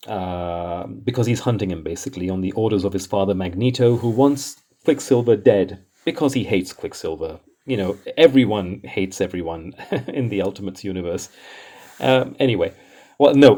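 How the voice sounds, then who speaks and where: A man talks through comic books in a casual commentary, his low voice dark and mellow. He sounds exasperated and chuckles often as he goes.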